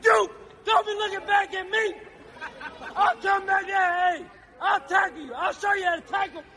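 A man with a Southern accent, a sports fan shouting loud, taunting heckles at players. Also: extremely high pitch, steady tone, normal speed, some chatter behind.

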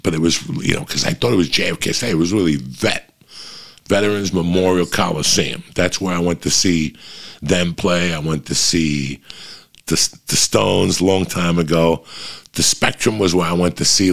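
A man's voice: low voice, creaky, fairly bright tone. A middle-aged man hosting a podcast, telling a long, profane, rambling story in casual chat.

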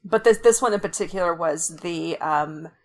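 A woman's voice: lowish voice, normal speed, a little mellow. Rambling laughing woman podcaster. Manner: rambling, swears, laughs often. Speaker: podcast co-host. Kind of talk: casual chat.

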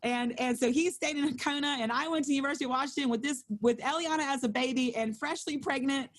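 A woman's voice: high voice, fast talker. A woman in her thirties sharing a personal testimony in casual talk over a video call, acting out her own thoughts in quotes as she goes. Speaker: Bible study co-leader.

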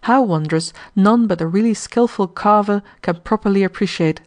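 A woman reading a novel aloud as an audiobook narrator, with a measured and expressive delivery. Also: medium pitch.

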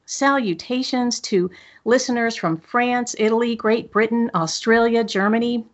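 A woman's voice: on the high side, a little slow, lo-fi sound. A woman hosting a solo podcast at a studio microphone, upbeat, reflective and encouraging as she talks to listeners. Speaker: podcast host.

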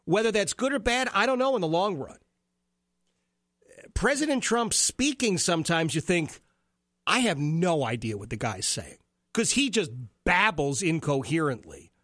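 Animated, sarcastic male talk host. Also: high voice, normal speed, dry recording, studio quality. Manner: animated, sarcastic, mimics people he quotes. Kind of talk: opinionated talk radio commentary.

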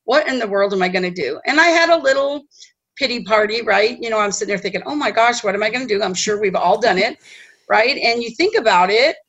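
A woman telling a personal story in a chatty, animated way, often checking in with her listeners. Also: a little high, brisk, highs cut off. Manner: chatty, animated, tag questions. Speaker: host. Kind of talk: storytelling talk.

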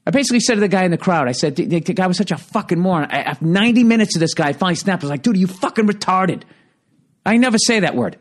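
A man's voice: sits high, expressive, racing, few pauses. A man hosting a solo podcast, rambling and swearing heavily as he tells a heated story in a casual rant. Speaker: podcast host.

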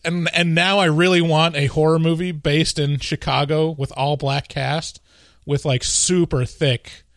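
A man co-hosting a podcast in casual chat, rambling and joking in an animated way. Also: fairly high pitch, unhurried, no echo, studio quality. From US West Coast. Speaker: podcast co-host.

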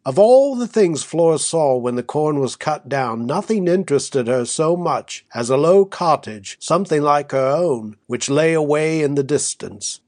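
A man reading an old-fashioned story aloud as an audiobook narrator, in a measured, even way. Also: a little high, no echo, clean studio sound.

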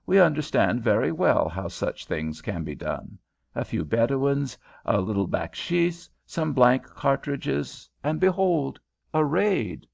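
A man reading aloud, voicing an indignant, patriotic Frenchman in an excitable, formal manner. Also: mid-range voice, slow pace, creaky, pitched above the performer's own voice, heavily acted. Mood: scornful. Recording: dull lo-fi home recording.

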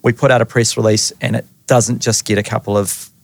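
A man speaks fast and eagerly as a guest, often restarting his sentences. His voice has a gravelly edge and sounds dry and close. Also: on the low side, level tone, dry recording. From New Zealand. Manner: quick, enthusiastic, full of restarts. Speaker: company guest. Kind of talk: casual chat.

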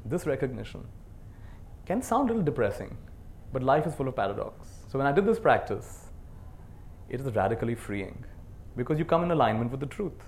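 A man giving a dharma talk to a live group as a meditation teacher, earnest, swinging between soft and emphatic, and leading call-and-response. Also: mid-range voice, very animated, brisk, slight background noise. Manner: leads the audience in call-and-response.

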